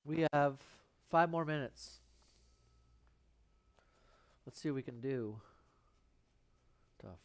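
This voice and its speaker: A man's voice: medium pitch, takes it slowly, long pauses. A man hosting a live painting stream, thinking aloud in rambling, self-mocking asides as he works. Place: painting studio.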